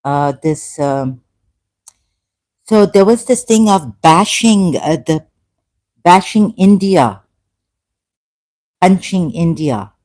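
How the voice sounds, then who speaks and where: A woman YouTuber giving live-stream commentary on her chat. She speaks haltingly with many fillers and an indignant edge. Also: lowish voice, lively intonation, darkish tone.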